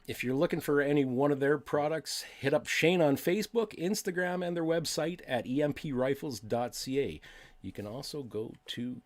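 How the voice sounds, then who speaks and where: Tired, lively podcast host. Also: male voice, mid-range voice. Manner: laughing, animated, offhand. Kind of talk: casual podcast chat and sponsor reads.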